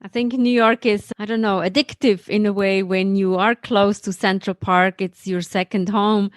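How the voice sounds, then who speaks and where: A woman hosts a podcast and interviews a guest, speaking in an upbeat, motivational way. Her medium-pitched voice has fairly even intonation and a moderate pace, with no echo, though loud guitar music plays behind her.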